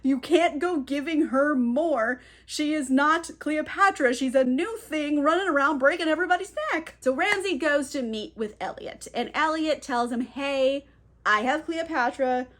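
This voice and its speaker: A woman's voice: sits high, normal speed, hardly any pauses, fairly bright tone. A woman recapping a novel in a casual, chatty, irreverent way, full of "like"s. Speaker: book reviewer.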